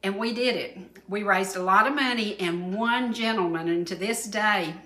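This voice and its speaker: A woman's voice: medium pitch, normal speed, bright, forceful tone, roomy sound, low-quality recording. A woman in her sixties with a Southern American accent, hosting a folksy cooking demonstration in a chatty, homespun way with emphatic repetitions. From Georgia, USA. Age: 60s. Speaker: cooking show host. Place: TV studio kitchen set.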